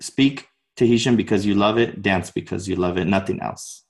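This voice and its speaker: A man's voice: on the low side, normal speed, gravelly. A man from the United States, a podcast guest telling stories casually, filling with "you know" and acting out quotes. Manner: animated, acts out quotes, many "you know" fillers. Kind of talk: casual storytelling.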